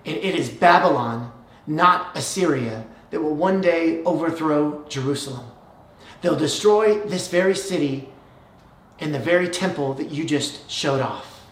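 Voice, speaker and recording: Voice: mid-range voice, unhurried, roomy sound, voice pushed down, lightly acted, low-quality recording. A preacher voicing a stern prophet who delivers a grave warning in a solemn tone.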